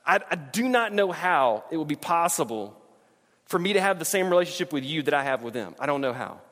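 In a large church hall with a long reverb, a middle-aged pastor delivers a sermon in a fairly high, bright voice. He's expressive and a little fast, speaking conversationally to the congregation and stumbling over repeated words when emphatic.

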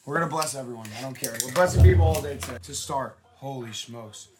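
A man hosting a live card-break stream, hyping pulls with rapid, repeated shouted exclamations. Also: mid-range voice, crowd noise.

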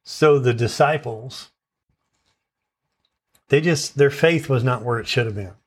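Earnest male preacher, mid-pitched voice, teaching style with frequent check-ins. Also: measured pace, slightly rough. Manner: earnest, repeats "okay?" to check in with listeners; stresses verse words in turn as he recites. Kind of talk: sermon.

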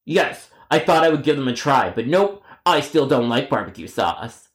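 A man's voice: medium pitch, sing-song, lightly acted. A man voicing a rude, whiny grown man customer who trades insults and drags out his complaints in a storytime cartoon. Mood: stubborn. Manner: insulting, stubborn, drawn-out complaints.

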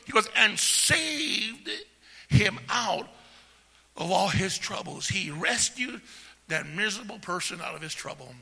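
Raspy high-voiced preacher in a reverberant church. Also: male voice, animated, measured pace. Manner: preaching with call-and-response, swings from soft to shouting. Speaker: pastor. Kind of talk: sermon. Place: church sanctuary. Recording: long hall reverb.

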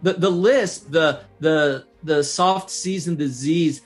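A man from northern New Mexico, speaking as a historian guest on a podcast, emphatic and animated, often restarting his sentences. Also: fairly high pitch, slow, breathy edge, faint music behind. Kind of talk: casual podcast conversation.

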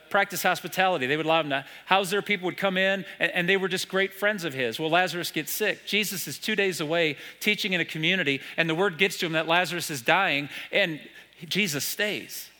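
A man's voice: a little high, bright, forceful tone. A man with an American accent preaching a sermon from a church stage, retelling stories and asking the congregation questions. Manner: storytelling, with rhetorical questions to the congregation. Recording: long hall reverb.

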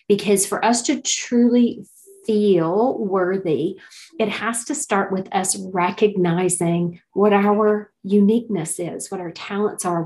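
A woman's voice: medium pitch, poor audio. Earnest middle-aged woman on self-worth. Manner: earnest, gentle, with fillers like "you know". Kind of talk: reflective motivational talk.

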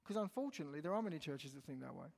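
A man's voice: fairly high pitch, lively intonation, very fast, creaky, a little mellow. A man preaching a sermon, telling a story animatedly and retelling the dialogue line by line. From England. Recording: long hall reverb.

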